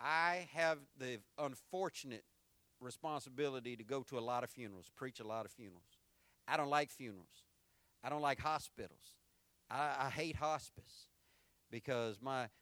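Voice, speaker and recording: A middle-aged man preaching a sermon as pastor, telling stories with animation and swinging from loud punchy lines to hushed tender ones. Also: medium pitch, no room sound.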